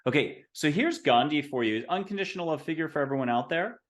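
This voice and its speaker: A man's voice: a little high, expressive, fast. A man hosts a talk show over a video call. He chats casually and rambles through upbeat asides. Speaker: host.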